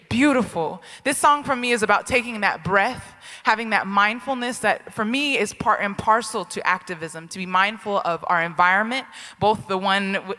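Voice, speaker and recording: A woman speaks from the stage of a large lecture hall, her bright, clear voice carrying a long reverb tail. She talks energetically and keeps pulling the crowd into call-and-response. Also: mid-range voice. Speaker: keynote speaker and hip hop activist. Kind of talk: live keynote address.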